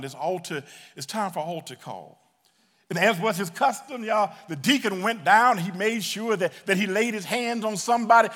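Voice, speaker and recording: A male preacher tells a sermon story in a church, animated and repeating himself as he speaks right to the people. His voice sits fairly high. The room gives a long, echoing reverb. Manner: animated, repeats words, talks to the crowd.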